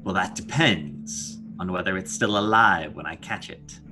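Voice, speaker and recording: A man plays a hulking, tusked orc guard with a low, bright-edged voice. He speaks with gruff, grinning menace in a tabletop game. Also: normal speed, soft background music, full character voice. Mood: menacing grin.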